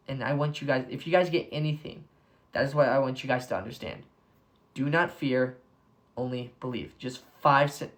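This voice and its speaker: Excitable young man giving a casual devotional. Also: medium pitch. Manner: excitable, heavy use of "like", bursts of enthusiasm. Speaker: devotional speaker.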